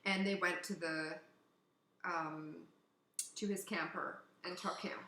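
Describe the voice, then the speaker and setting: Bright-voiced woman telling a story. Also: lowish voice, slow. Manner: animated, swearing, acts out quotes. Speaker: podcast co-host. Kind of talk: casual podcast storytelling. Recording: echoey room.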